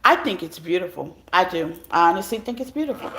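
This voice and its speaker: A woman's voice: fairly low pitch, expressive, fairly quick, background noise. A woman reading tarot live for her viewers, chatty and talking straight to them. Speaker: tarot reader. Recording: echoey room.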